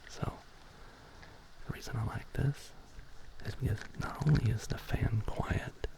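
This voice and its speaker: A man whispering softly and slowly as an ASMR streamer, drawing out his words in a close-miked booth. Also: medium pitch, creaky, low-quality recording. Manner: slow, soft whispering with drawn-out words. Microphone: close studio microphone in a sound booth.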